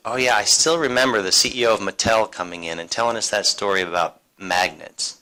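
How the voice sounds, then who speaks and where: A man's voice: on the low side, bright, forceful tone, low-quality recording. A man speaking on an alumni career panel at a university seminar, talking casually with fillers and restarts. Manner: conversational, many fillers and restarts.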